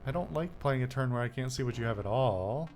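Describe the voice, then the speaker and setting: Casual male let's-player, dry and wry, mid-pitched voice, soft music bed. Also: expressive, a little fast. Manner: wry, thinking aloud. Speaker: gameplay commentator. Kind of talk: casual game commentary. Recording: faint background music.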